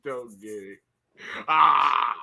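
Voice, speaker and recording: A man co-hosting a podcast, reacting to wrestling news with laughter and drawn-out disbelief. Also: mid-range voice, vocal fry, bright, forceful tone. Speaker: podcast co-host. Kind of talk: casual wrestling chat.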